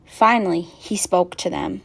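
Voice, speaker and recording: A woman reading a picture book aloud with gentle, expressive narration. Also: lowish voice, measured pace, creaky, husky. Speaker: storyteller.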